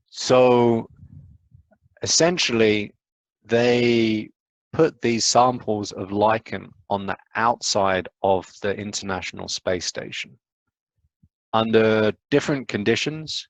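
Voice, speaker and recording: A man with a fairly low voice gives an eager, fast-paced science lecture over a video call, full of "uh" and "right?" asides. The sound is close and dry, with no room echo. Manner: enthusiastic, fast, rambling with fillers. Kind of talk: live online science lecture.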